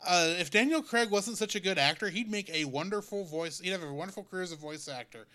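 A man co-hosting a relaxed movie review, talking in a chatty, joking way. His voice sits a little high and comes across bright and forceful. He often drifts into playful asides. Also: fast talker. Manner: chatty and jokey, laughs at his own asides. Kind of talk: casual review chat.

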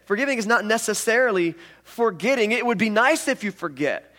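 A male pastor giving a sermon in a slightly high voice. He tells the story with lively ups and downs and slips in humorous asides. His delivery is casual and conversational. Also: a little fast.

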